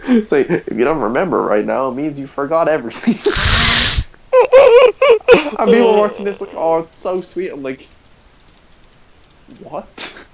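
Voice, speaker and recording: A man's voice: a little high, lively intonation, moderate pace, gravelly, pauses often, very noisy. A man co-hosting a podcast, telling movie stories with plenty of laughter and animation. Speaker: podcast co-host. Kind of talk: casual chat.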